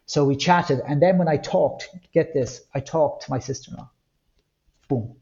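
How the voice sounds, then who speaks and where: A man's voice: a little high, moderate pace, highs cut off. Irish man telling a personal story. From Ireland. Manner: candid, reflective, with lively acted-out quotes. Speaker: guest.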